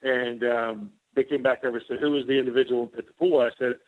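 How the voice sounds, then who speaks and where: A middle-aged man, a former White House officer, tells rambling stories in a casual interview and acts out both sides of each exchange. His voice sits at an ordinary pitch. It comes through a narrow, tinny phone line. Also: steady tone, fast. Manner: rambling anecdotes, acting out both sides of dialogue.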